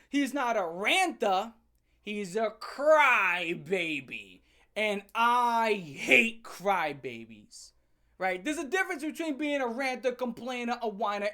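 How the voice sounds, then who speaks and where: A woman hosting a comedic rant. She tells stories in a loud, profane way, fires off repeated rhetorical questions, and breaks into laughs. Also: on the high side. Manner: animated, profane storytelling with sudden shouts and laughs. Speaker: channel host.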